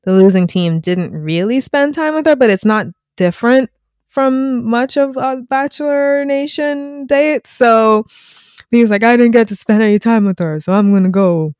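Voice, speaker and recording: A woman's voice: fairly high pitch, normal speed, darkish tone, smooth, no room sound, studio quality. A woman co-hosting a podcast, chatting casually, laughing often and saying "like" a lot. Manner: laughs often, heavy use of "like". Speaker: podcast co-host. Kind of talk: casual recap chat.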